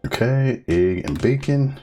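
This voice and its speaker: A man's voice: mid-range voice, unhurried, faint music behind. A man streaming a cooking game live, listing ingredients as he goes and chatting with his co-host. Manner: calls out ingredients in a steady list, joking with co-host. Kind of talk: live gameplay commentary.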